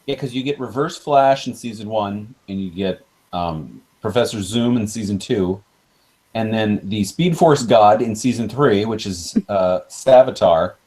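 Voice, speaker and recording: A man's voice: fairly low pitch, unhurried, a little mellow. A man hosting a casual podcast chat, talking enthusiastically in bursts with restarts. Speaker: host.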